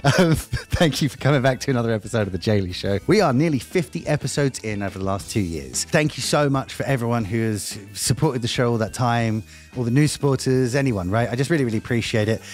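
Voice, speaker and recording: A man's voice: medium pitch, animated, fast talker, few pauses, soft background music. A man hosting a live online talk show, rambling jokily and teasing himself as he introduces his guest. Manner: jokey, rambling, self-mocking. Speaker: host.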